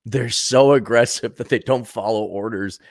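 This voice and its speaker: A man's voice: mid-range voice, moderate pace, creaky, dry recording, studio quality. A man giving ranting commentary in a blunt, sarcastic, mocking manner.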